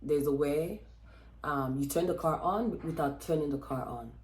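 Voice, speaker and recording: Low-voiced woman telling a story in an echoey room. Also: moderate pace. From Texas. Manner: chatty and expressive, with many fillers and quoted dialogue. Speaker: vlogger. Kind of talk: casual storytelling vlog.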